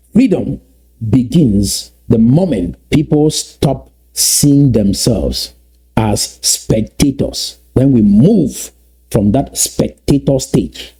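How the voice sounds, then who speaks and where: A man from Southern Cameroons, giving an emphatic motivational address that repeats and slowly stresses key phrases. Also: mid-range voice, warm tone, breathy edge. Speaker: activist speaker.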